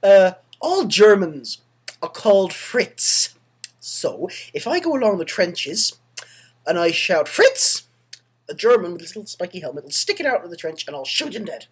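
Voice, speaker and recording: A man's voice: high voice, very animated, normal speed, slightly rough, pitched above the performer's own voice, heavily acted. A young man voicing an eager male Irish soldier with a broad, sing-song put-on Irish accent.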